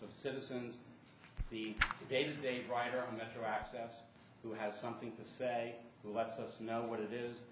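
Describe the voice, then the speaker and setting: A lower-voiced man addresses a public board meeting, pausing on fillers and restarting his sentences. He sounds far from the microphone in a large echoey room, with steady background noise. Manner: halting, many fillers and restarts. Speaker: board member.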